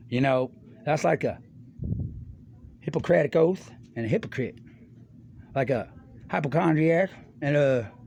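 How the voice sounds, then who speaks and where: A man's voice: mid-range voice, gravelly, a little mellow, slight background noise. A middle-aged man in a loose, rambling monologue. He talks in a slangy, profane way, drifting from one topic to the next. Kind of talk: rambling stream-of-consciousness monologue.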